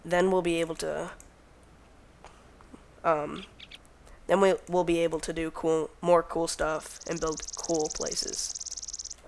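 A man's voice: fairly high pitch, little pitch movement, measured pace, vocal fry, pauses often, slight background noise. A young man hosting a casual game let's play, talking to himself as he crafts and counting under his breath. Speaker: gaming channel host.

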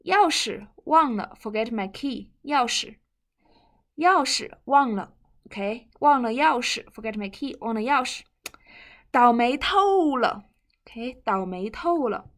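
Slow, patient woman teaching a language. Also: on the high side, animated, fairly bright tone. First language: Mandarin Chinese. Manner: patient, repeats each word slowly and glosses it. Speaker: Chinese teacher. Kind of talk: bilingual language lesson.

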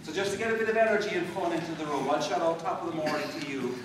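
A playful man addresses a conference audience, rallying them with energy and fun. His voice sits fairly high and carries from a distance. A long echo hangs in the large hall, with some noise behind it. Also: animated, very fast. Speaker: conference speaker. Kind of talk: humorous keynote talk. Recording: echoey hall from far off, noisy.

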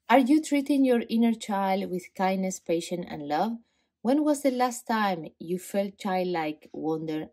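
A woman's voice: lowish voice, a little mellow. A young adult woman doing a pick-a-card tarot reading, effusive and emotional, with slightly non-native phrasing.

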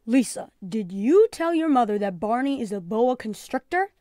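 A woman reading aloud and voicing a calm, gently teasing father in a storybook. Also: a little high, normal speed, no room sound, clean studio sound.

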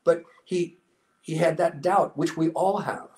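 A man in his sixties, a guest in an interview, telling a story earnestly and with a motivational drive, often dropping to a softer, lower voice when he quotes people. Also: unhurried, rough recording. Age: 60s. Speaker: interview guest, former special warfare instructor. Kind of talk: conversational storytelling.

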